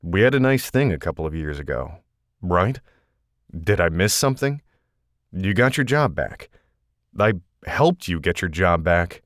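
A man voicing a calm, guarded adult male investigator who speaks in an even, matter-of-fact way, read for an audiobook. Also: low-pitched, a little slow, pauses often, dry recording, clean studio sound, exaggerated voice.

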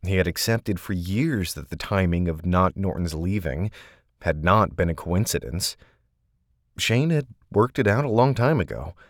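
A male narrator reads a novel with a measured, steady delivery. His voice sits very low, and the recording is close and dry with no room sound. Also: dry recording. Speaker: audiobook narrator. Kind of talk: scripted narration.

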